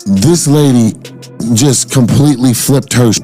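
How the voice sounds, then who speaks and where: Mellow-voiced man telling a story. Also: medium pitch, a little slow, faint music behind. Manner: animated retelling, quotes others in dialogue. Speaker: speaker defending himself over a dispute. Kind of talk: casual storytelling, recounting an incident.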